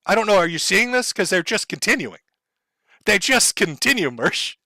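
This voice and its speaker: A middle-aged man rants on a live stream, heavy with sarcasm and mocking taunts. His voice sits a bit high for a man and comes across bright and forceful, recorded dry and close. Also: lively intonation, moderate pace, no echo. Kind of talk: sarcastic livestream rant.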